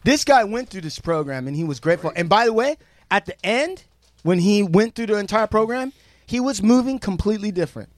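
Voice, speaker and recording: A man co-hosting a podcast, telling a story in a brash, profane, animated way. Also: sits high, fairly quick, dry recording, studio quality. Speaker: podcast co-host. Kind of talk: casual storytelling chat.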